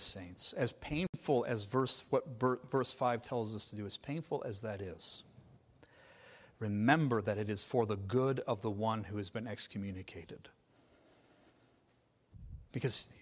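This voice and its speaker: A male pastor preaching a sermon, emphatic, repeating his points and building to loud climaxes. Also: mid-range voice.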